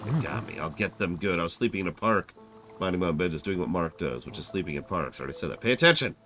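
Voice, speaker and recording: A man's voice: deep voice, lively intonation, racing. A man voicing a rambling drifter who sleeps in parks and pleads to be let out, over faint music. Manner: rambling, self-referential, pleading.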